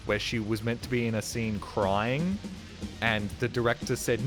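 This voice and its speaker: A man's voice: medium pitch, steady tone, normal speed. A man streaming a video game live, tired and rambling, joking and swearing as he plays. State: tired, ears ringing. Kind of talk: casual live gameplay commentary. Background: game music.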